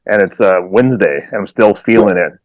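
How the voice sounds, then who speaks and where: A man with kids co-hosting a casual soccer podcast, animated and laughing often as he tells stories and slips into silly voices. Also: lowish voice, brisk, a loud crowd. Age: adult with children. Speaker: podcast co-host. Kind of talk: casual chat.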